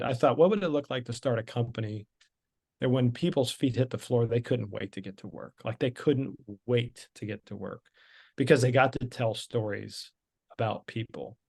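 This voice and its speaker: A man's voice: mid-range voice, a little mellow. A middle-aged man telling his story as a podcast guest, candid and conversational with frequent fillers and restarts.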